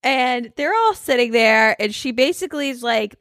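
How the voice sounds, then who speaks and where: A woman's voice: fairly high pitch, animated, normal speed, a bit bright, dry recording, studio quality. Blunt, exasperated woman co-host. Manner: blunt, exasperated, swears freely. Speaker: podcast co-host. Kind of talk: casual chat.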